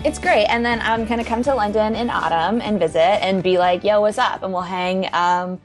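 A woman's voice: mid-range voice, normal speed, music in the background. A young adult woman with a North American accent, a writer chatting as a podcast guest in a bubbly, chatty manner. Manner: chatty, bubbly, frequent "like" fillers. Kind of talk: casual chat.

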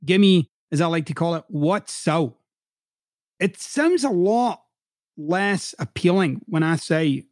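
A man's voice: on the high side, lively intonation, takes it slowly, a little mellow, dry recording, clean studio sound. A middle-aged man who hosts a podcast and used to coach, giving a blunt, profane motivational monologue with heavy emphasis. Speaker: podcast host, former coach.

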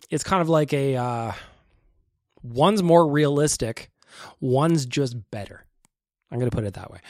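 Lively joking podcast host. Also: male voice, mid-range voice, no echo, studio quality. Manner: animated, joking, swearing, rambling. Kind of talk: casual sports podcast chat.

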